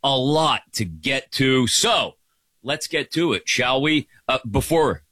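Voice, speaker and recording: A sports radio host, a man, talks fast and upbeat in a bright, forceful voice. The studio mic sounds close and dry, with no room in it. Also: mid-range voice, lively intonation, dry recording. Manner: upbeat, rapid, conversational. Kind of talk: energetic sports talk radio. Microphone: studio microphone.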